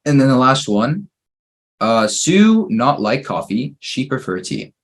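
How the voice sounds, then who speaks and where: Husky-voiced man teaching English grammar. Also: medium pitch, takes it slowly. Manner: patient, steady drilling through exercises, praising each answer. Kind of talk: online grammar lesson.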